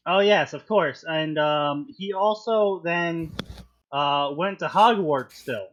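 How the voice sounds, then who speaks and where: A man's voice: fairly high pitch, takes it slowly, fairly bright tone, dull audio. A man casually reading and mocking fanfiction, laughing often and swearing freely. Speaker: fanfiction reading show host. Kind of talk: casual comedic commentary.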